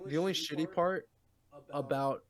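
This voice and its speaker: A man's voice: a little high, moderate pace. A man co-hosting a podcast, joking and teasing his friends in casual chat and swearing freely. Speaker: podcast co-host.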